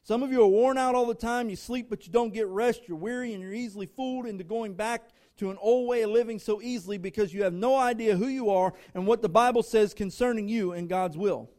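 A man with a notably high voice delivers a sermon to a congregation, speaking emphatically. He stacks up short, punchy phrases in rhythmic lists and addresses the people in front of him directly. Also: brisk, hardly any pauses, darkish tone. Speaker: guest preacher. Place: church before a congregation.

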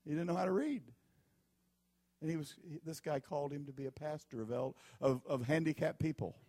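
A man's voice: a little high, fairly even intonation, quick pace, a little mellow, no room sound. Folksy, emphatic preacher man. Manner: folksy, emphatic storytelling with repeated warnings. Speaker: pastor. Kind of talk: sermon.

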